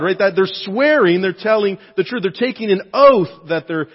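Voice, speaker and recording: A man preaching a sermon with lively, expressive delivery, his voice rising when he acts out quoted lines. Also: high-pitched, moderate pace, breathy edge. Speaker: pastor. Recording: dull sound with long hall reverb.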